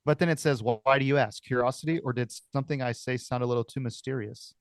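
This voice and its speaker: A man with a mid-range voice co-hosts a podcast and reads text aloud in a low-key, casual manner. His voice is dry and close to the mic. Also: quick pace, no echo. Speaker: podcast co-host.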